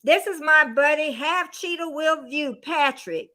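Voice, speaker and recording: A woman's voice: high voice, measured pace, pushed and bright. A woman in her sixties hosting a casual livestream celebration, effusive and emotional, often exclaiming and laughing. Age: 60s. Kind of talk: casual chat.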